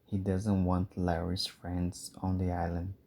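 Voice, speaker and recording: Male narrator for learners, simple storybook reading, very dark mellow voice, low. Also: completely flat delivery. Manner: simple, clear, measured.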